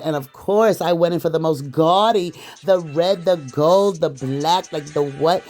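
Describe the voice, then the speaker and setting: A man's voice: on the high side, a little slow, few pauses, a little mellow, soft background music. A man chatting casually to viewers while walking through a nail tutorial. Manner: chatty, addresses viewers as "girl". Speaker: nail artist.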